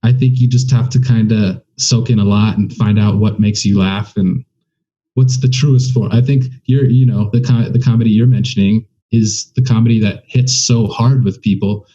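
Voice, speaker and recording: Male comedian guest, low and mellow, candid and rambling, dull lo-fi sound. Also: steady tone, moderate pace, slightly rough. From United States. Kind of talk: casual conversation.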